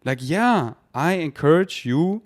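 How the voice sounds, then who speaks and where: A man's voice: fairly high pitch, expressive, slow. A man hosting a podcast, speaking in a rambling spiritual monologue with repeated words and casual swearing; German is his first language. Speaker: podcast host.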